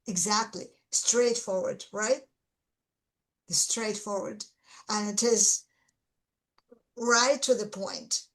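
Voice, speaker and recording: A woman's voice: medium pitch, takes it slowly, pauses often, fairly bright tone, poor audio. A Russian-accented woman, an English teacher, explaining things earnestly and stressing her key words in casual conversation.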